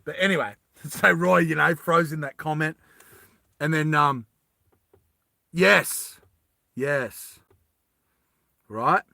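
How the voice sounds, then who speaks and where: A man's voice: on the high side, slow, creaky, pauses often, no echo. Rambling man telling a story. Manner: rambling, animated, with many fillers and asides. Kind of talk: improvised casual storytelling.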